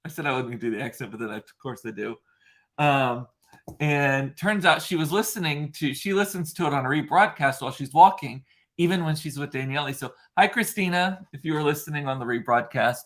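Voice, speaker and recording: A man with a fairly high, slightly bright voice hosts a casual solo chat show, talking a little fast. His delivery is chatty and rambling, full of fillers.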